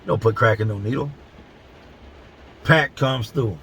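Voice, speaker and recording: Here a middle-aged Philadelphian who runs a prison-story channel tells one to camera, profane and blunt, elongating words for effect. He talks at a measured pace in a mid-range, fairly bright voice, and the low-quality audio has slight background noise.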